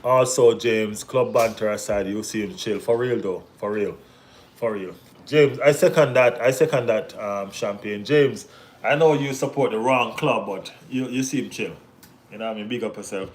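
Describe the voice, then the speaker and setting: Jamaican man, fairly low voice, streamer reading chat aloud, easygoing banter with playful teasing. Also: normal speed. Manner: laid-back banter with Caribbean slang, bursts of excited teasing. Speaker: football watch-along host. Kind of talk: casual live-stream chat reading viewer comments.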